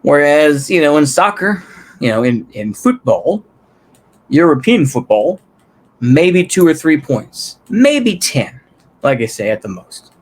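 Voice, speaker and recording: A man's voice: on the high side, big pitch swings, slow pace. A young man from Texas giving a rambling, casual monologue, loosely tagging his points with "you know" and "right?". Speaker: political commentary vlogger.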